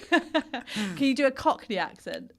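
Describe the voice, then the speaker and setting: A woman's voice: high-pitched, sing-song. A woman with a north London and Essex English accent, hosting a podcast in a playful, teasing casual chat. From England. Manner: playful, teasing, quick to laugh. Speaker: podcast host.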